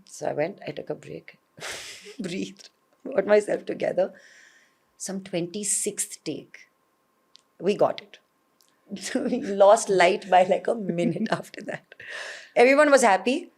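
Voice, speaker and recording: An Indian woman, an actor, being interviewed and telling stories in an animated way with frequent laughter. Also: medium pitch, takes it slowly, vocal fry, long pauses, husky. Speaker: guest, actor. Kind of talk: conversational interview.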